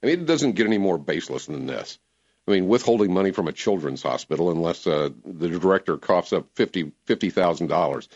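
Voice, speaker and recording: A male talk radio host with a low voice that swings widely in pitch as he presses his points. He talks emphatically and animatedly to his callers. The sound is dull and lo-fi, like an old radio broadcast. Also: fairly quick. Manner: animated, emphatic, laughs easily.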